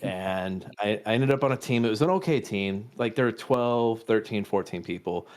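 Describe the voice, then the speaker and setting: A man's voice: lowish voice, moderate pace. Rambling casual man telling a story. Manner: rambling, self-deprecating, frequent restarts and swearing. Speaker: podcast co-host; improv performer and dad.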